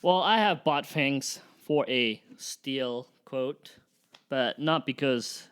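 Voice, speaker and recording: A man's voice: medium pitch, slow pace, fairly bright tone, smooth. A young man co-hosting a podcast in casual chat, stammering and repeating words, swearing freely. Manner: stammering, profane, laughs easily. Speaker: podcast co-host.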